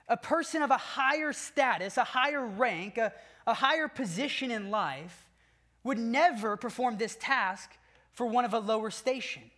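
A man preaching an expository sermon, emphatic and deliberate, stacking repeated phrases for stress. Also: high-pitched, fairly bright tone.

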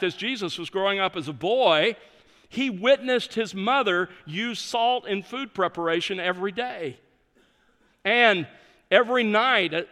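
Male pastor, high-pitched voice, emphatic sermon delivery, reverberant church sanctuary. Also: a bit bright, clear, resonant tone. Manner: emphatic preaching, stresses key words.

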